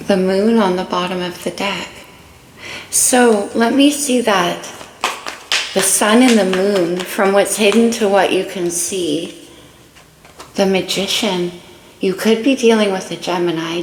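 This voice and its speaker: A woman giving a casual tarot reading, chatting through each card she draws. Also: medium pitch. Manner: chatty, warm-hearted commentary on cards. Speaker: tarot reader. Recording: echoey room, faint noise.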